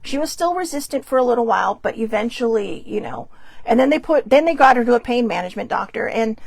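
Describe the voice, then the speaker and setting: Woman, middle-aged, high gravelly voice, blunt profane storytelling, dry close sound. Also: fast, no room sound. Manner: blunt, profane, animated retelling with quoted voices. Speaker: podcast host. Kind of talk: casual storytelling monologue.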